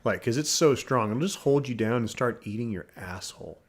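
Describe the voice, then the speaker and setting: A man's voice: mid-range voice, animated, fairly quick, breathy edge. A man co-hosting a podcast, spinning graphic, profane stories in loose casual chat. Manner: drawling, graphic storytelling with fillers. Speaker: podcast co-host.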